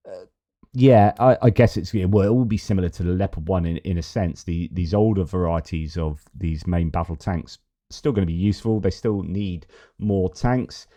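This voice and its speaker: A low-pitched, mellow-voiced man hosts a news commentary show at a moderate pace. He reads reports aloud, then adds his own musings, peppered with fillers and restarts.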